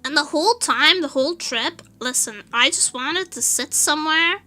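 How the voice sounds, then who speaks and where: A Portuguese woman streaming a casual chat, telling an animated story with frequent laughter and swearing. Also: high voice, moderate pace, faint music behind. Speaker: VTuber streamer.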